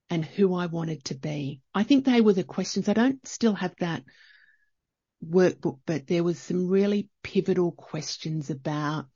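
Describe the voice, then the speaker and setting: A woman's voice: fairly low pitch, dark tone, husky, dry recording, muffled recording. A middle-aged woman, talking reflectively in a chatty solo podcast, often restarting her sentences. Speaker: podcast host.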